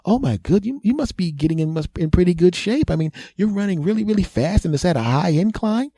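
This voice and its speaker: Man doing a high, admiring young woman. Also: expressive, quick pace, dark tone, no room sound, clean studio sound. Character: sweet flattering young female medical staffer.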